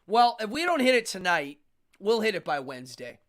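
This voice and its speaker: A man with a slightly high voice hosts a casual live stream from his home setup. He chats in an animated way, greets viewers and reads the chat aloud into a studio microphone. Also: brisk.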